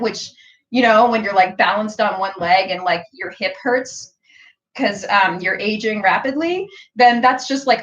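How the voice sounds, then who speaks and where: A woman's voice: a little high, a bit bright, highs cut off. A woman hosting a casual live-stream tutorial, chatty and playful, with lots of "like" and "um". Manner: chatty, frequent "like" and "um", bursts of playful sounds. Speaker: sewing pattern designer hosting a live stream.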